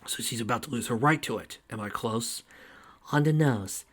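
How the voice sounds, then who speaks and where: Man voicing a squirrel hero, young, cocky, dry and teasing, bright lively tone. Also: medium pitch, moderate pace, slightly rough. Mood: wry.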